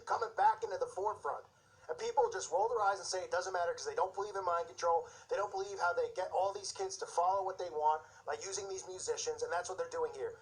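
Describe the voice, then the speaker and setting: A man's voice: high voice, poor audio. A man hosting his own show, delivering an agitated, indignant religious commentary rant with mocking asides. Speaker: show host.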